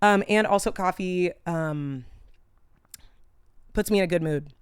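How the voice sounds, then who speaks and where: A woman's voice: lowish voice, unhurried, smooth, no echo, studio quality. A young woman chatting casually to camera, drifting between tangents and losing her thread, with plenty of "like" and the odd swear word. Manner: chatty, tangent-prone, loses her train of thought. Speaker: vlogger. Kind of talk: casual rambling chat to camera.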